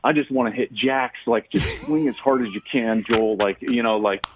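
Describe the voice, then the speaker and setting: A man, a guest sports analyst, telling a story in an animated way and laughing as he goes. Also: mid-range voice, moderate pace, background noise. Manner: laughs through his story.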